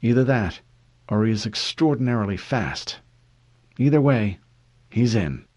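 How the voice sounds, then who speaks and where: A man voicing a cool, guarded middle-aged female scientist who speaks in a measured, firm way. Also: mid-range voice, expressive. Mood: clinical. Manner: measured, clinical, quietly firm.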